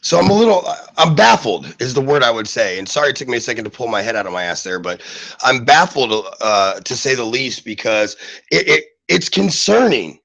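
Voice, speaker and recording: A man's voice: mid-range voice, big pitch swings, a little fast, creaky, a bit bright, dry recording, poor audio. A man hosting a live news talk show, commenting at length with many restarts and fillers while still sick. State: sick, under the weather.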